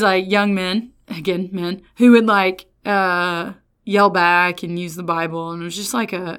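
A woman with a clean, mid-range, fairly bright voice preaches a sermon, reading scripture before telling a story from her student days. She's chatty and folksy, restarting often and addressing listeners as y'all.

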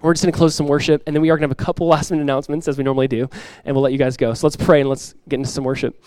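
A middle-aged male pastor delivers a sermon with earnest, direct conviction, hammering home key lines through repetition. His voice sits a bit high for a man, and the sound is close and dry with little room echo. He slips into animated everyday voices to make his points. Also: racing, clean tone. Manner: acts out everyday voices with lively emphasis. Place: church sanctuary.

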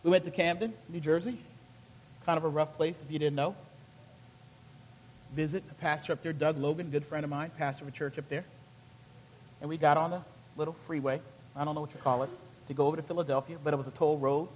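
A male pastor from Charleston, South Carolina, with a Southern accent and a high voice, preaching a sermon in an animated, colloquial storytelling way. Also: fast talker, pauses often, in a large hall, slight background noise.

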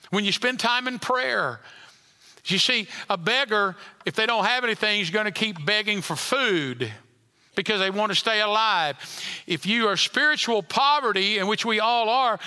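High, bright-voiced preacher in a reverberant hall. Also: male voice, lively intonation, moderate pace. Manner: dynamic preaching, rising loud then dropping to near whisper. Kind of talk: sermon. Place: church sanctuary.

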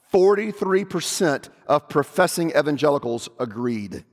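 A man preaching a sermon from the pulpit, emphatic, rising to loud proclamation when he quotes scripture. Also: medium pitch, fairly quick. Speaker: pastor. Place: church sanctuary. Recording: long church reverb.

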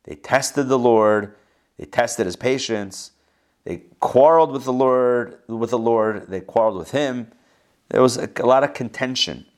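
A man teaching a Bible passage, reading verses aloud and breaking in with casual explanations and asides. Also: medium pitch. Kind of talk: reading scripture with commentary.

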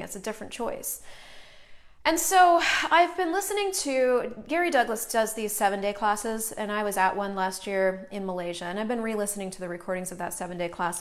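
A woman hosting a casual live online show, talking animatedly to viewers, greeting them by name as she goes and swearing now and then for emphasis. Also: medium pitch. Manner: chatty and animated, greets viewers mid-sentence.

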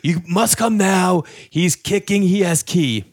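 A frantic old man barking short, broken-English phrases, higher and louder than the storyteller's own voice, as a man puts him on. The sound is dry and close, with no room around it. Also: unhurried, dry recording. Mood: panicked. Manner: clipped broken English, dropped articles.

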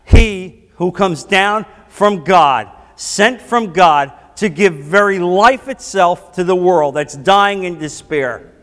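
Impassioned preacher, high voice in a reverberant hall. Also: male voice, fairly bright tone. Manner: impassioned preaching, rising to emphatic declarations. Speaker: pastor. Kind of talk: sermon.

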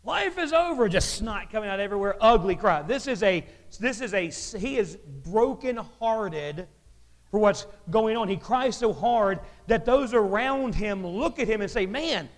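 A man preaching a sermon in a chatty, joking way, his pitch jumping up when he gets animated, in an echoey church hall. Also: normal speed. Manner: conversational and joking, with lively pitch jumps. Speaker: pastor.

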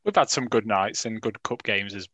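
A man's voice: on the low side, moderate pace, bright, forceful tone, dry recording. A man, teasing his friends with wry banter on a casual football fan podcast. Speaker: podcast co-host.

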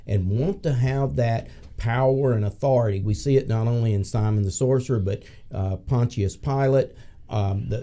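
A man's voice: on the low side, dark tone. A man, a pastor, adding his thoughts hesitantly, with fillers and restarts. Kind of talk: casual Bible study discussion.

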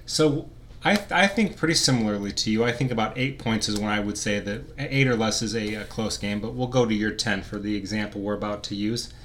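A man's voice: on the low side, a little fast, a bit bright, a little hiss or hum. A man hosting a podcast, playfully quizzing and teasing his co-host. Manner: playful, teasing, quiz-master delivery. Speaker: podcast host running a quiz. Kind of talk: casual podcast banter.

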